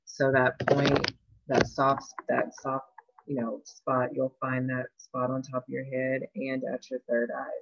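Facilitator for a guided tapping session: calm, level delivery, slow with pauses, dull online-call sound. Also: medium pitch, gravelly, no echo. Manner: calm, unhurried, pausing often. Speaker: meditation facilitator. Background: faint soft music.

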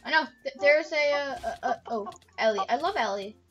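A woman's voice: sits high, brisk, over loud music. A woman chatting casually while playing a game, playful and silly, joking with a friend. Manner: playful, silly, breaks into song. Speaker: gamer. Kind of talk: casual gaming chat.

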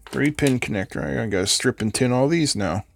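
A man's voice: medium pitch, moderate pace, vocal fry, a little hiss or hum. An older man hosting a live electronics build who chats casually and rambles, answering viewers between soldering steps. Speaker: host of an electronics build stream. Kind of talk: casual chat while soldering.

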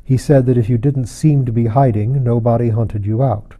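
A man voicing a grave, melancholy male anarchist secretary who speaks with flat, lifeless civility. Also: medium pitch, moderate pace, natural voice. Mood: dead calm.

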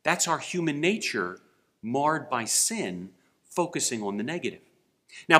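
A man's voice: a little high, sharp tone. A man pastor giving an online sermon, telling folksy jokes and asking rhetorical questions. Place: church.

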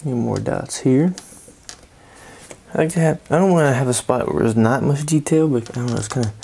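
A drowsy man talks through his doodling in a loose, rambling way, trailing off and restarting. His voice is heavy with gravelly fry and a husky edge, low and mellow in tone. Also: a little fast. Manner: rambling, drowsy, lots of fillers and trailing thoughts. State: sleepy, yawning. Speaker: artist doing doodle commentary. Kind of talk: casual rambling commentary while drawing.

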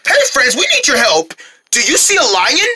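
A woman hosting a children's show, talking straight to young viewers in an upbeat way. Her voice is high and bright, and her pitch leaps up and down constantly. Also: sing-song, moderate pace, a little hiss or hum.

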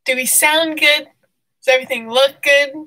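A young woman hosting a casual live stream, bubbly and excitable, out of breath and laughing often. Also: high voice, normal speed, poor audio.

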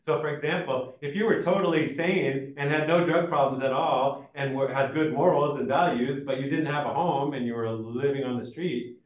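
A man's voice: mid-range voice, normal speed. Echoey, casual male sociology lecturer. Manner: conversational, many fillers and restarts. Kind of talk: recorded college lecture. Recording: echoey room, mic at a distance.

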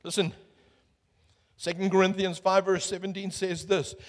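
A man preaching a sermon as pastor, swinging from booming calls to hushed asides and asking the crowd questions. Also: lively intonation, a little slow. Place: church hall. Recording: echoey church hall.

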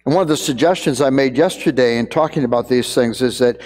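A man's voice: medium pitch, fast, a little mellow. Conversational older male preacher, echoey hall. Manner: conversational, repeats words while thinking. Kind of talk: sermon.

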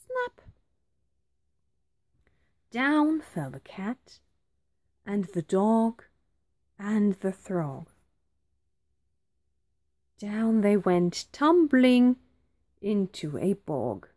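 Teacher lady reading a picture book aloud, super slow, voice swoops all over, dry sound. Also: mid-range voice, no room sound. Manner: slow, dramatic, very expressive. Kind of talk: expressive storybook reading.

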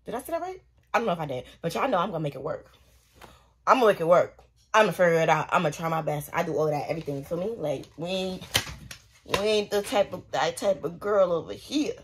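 A woman's voice: on the low side, expressive, quick pace, a little hiss or hum. A young woman vlogging casually at home as she does her hair, chatting to her viewers in a slangy, direct way while filming on a propped-up phone. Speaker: beauty vlogger. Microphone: phone propped up nearby.

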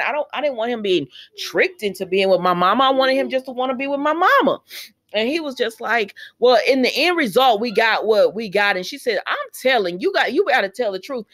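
A woman hosts a casual recap video. She retells each scene in a loose, chatty way, slipping into quick quoted voices. Sassy asides to her viewers keep breaking into the story. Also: a little high. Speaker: soap opera recap host.

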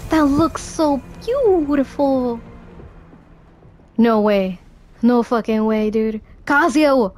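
A woman doing let's play commentary, excitable and cheering herself on, swearing freely, with game music behind. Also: on the high side, slow, pauses often. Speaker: gamer. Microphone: headphones.

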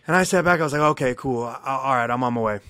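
A man co-hosting a podcast, telling a long story in a casual, animated way, cursing freely and acting out what people said. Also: medium pitch, fast, no echo. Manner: animated, profane, acts out quoted dialogue. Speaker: podcast co-host.

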